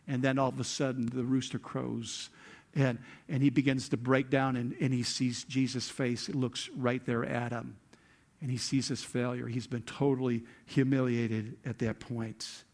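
A male pastor preaching a sermon, retelling a scripture story with lively acted-out quotes. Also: medium pitch, normal speed. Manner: animated storytelling, acts out quotes with rising intensity.

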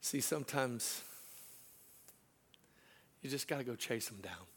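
This middle-aged pastor's voice is medium in pitch and slightly rough. Preaching through a personal story, he swings from loud asides with laughter to soft, slow passages.

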